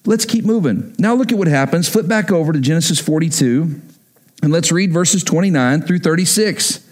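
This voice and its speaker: Male pastor, high-pitched, emphatic, preaching a sermon, repeats lines. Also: lively intonation, normal speed.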